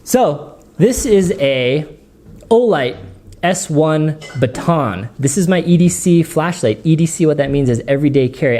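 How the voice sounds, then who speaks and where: A man's voice: on the high side, a little mellow. A man with a runny nose hosting a casual gear vlog, chatty and rambling, often breaking into giggles, recorded in his dining room at home. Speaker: gear channel host.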